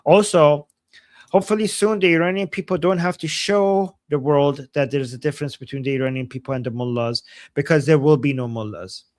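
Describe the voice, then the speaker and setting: A man's voice: a little high, fairly quick, darkish tone, no echo, studio quality. Chatty male livestream host. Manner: chatty, reads comments aloud then responds. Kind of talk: reading viewer comments, casual chat.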